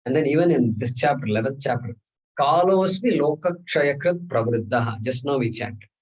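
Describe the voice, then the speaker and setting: A man's voice: medium pitch, fast, darkish tone, slightly rough, distant mic, rough recording. A man teaching a scripture class, talking through verses with rhetorical questions and chanted Sanskrit. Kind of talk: lecture on scripture.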